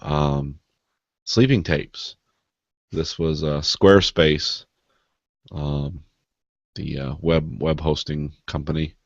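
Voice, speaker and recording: Male co-host, very low voice, deadpan self-mockery, dry close sound. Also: slow, pauses often, no room sound, lo-fi sound. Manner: deadpan, self-mocking, laughs at his own jokes. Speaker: podcast co-host. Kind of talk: casual podcast banter.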